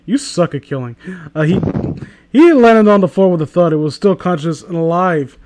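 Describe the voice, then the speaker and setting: A man's voice: sits high, lively intonation, normal speed, darkish tone, a little hiss or hum. A man hosting a comedic reading, casual and crude, with sarcastic, mocking asides. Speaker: host reading fan fiction aloud.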